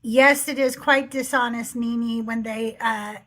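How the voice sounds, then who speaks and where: A woman's voice: on the high side, steady tone, measured pace, a bit bright. A woman hosting a casual livestream chat, chatty and upbeat, often laughing as she talks to her viewers. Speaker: livestream host.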